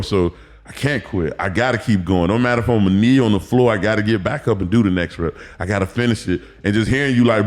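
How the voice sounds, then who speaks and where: A man, a former football player telling animated, profane stories as a podcast guest. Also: fairly low pitch, quick pace. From Miami, Florida. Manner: animated storytelling, acts out quotes, profane. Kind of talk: casual podcast interview.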